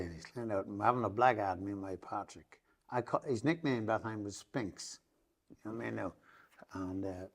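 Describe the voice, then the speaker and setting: Gravelly Irish Traveller man telling a story. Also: on the low side. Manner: rambling, repeats oaths of truth. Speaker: podcast guest. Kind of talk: emotional storytelling.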